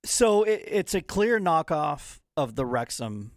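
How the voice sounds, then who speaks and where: A man co-hosting a casual chat, teasing his partner and quick to correct and explain details. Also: a little high, big pitch swings, no echo, studio quality. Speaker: podcast co-host.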